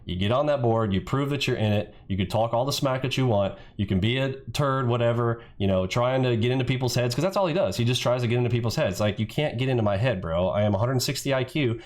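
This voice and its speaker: A man's voice: fast talker, hardly any pauses. Heated, mocking man ranting. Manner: heated, mocking, swears freely; mimics his rival in shrill yells. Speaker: trading video host. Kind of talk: ranting reaction commentary.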